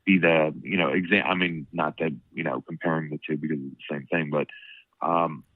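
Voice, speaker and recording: A very deep-voiced man with a stuffed-up nose rambles through casual chat, filling every pause with "you know what I mean". He sounds tinny and phone-like, close and dry with no room around him. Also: steady tone, dry recording. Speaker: podcast host.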